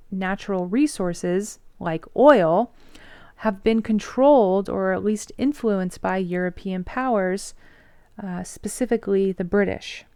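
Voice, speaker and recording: A woman's voice: mid-range voice, a little mellow, clear, resonant tone, no echo, studio quality. A woman teaching a history lesson in a chatty, breezy way, with slangy asides. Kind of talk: casual history lecture.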